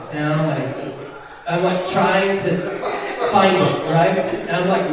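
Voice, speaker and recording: A man's voice: on the high side, slight background noise. Man telling a story in an echoey hall. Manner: animated, chatty, keeps checking in with "right?". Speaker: Christian musician and speaker. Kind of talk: storytelling talk to a live audience. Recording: echoey hall picked up from far off.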